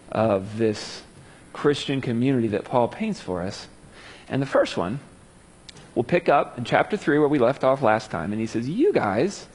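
A husky male preacher with a fairly high voice teaches scripture in a relaxed, chatty way, full of asides. His pitch swoops widely as he brings the verses to life. A long reverb trails every line, as in a large hall. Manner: casual asides, animated scripture reading. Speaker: Bible teacher. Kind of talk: conversational sermon.

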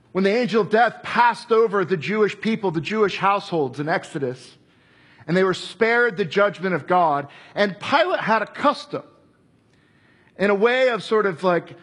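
A man with a high, husky voice preaches a sermon. He tells the story with animated energy and slips into the voices of the people he quotes.

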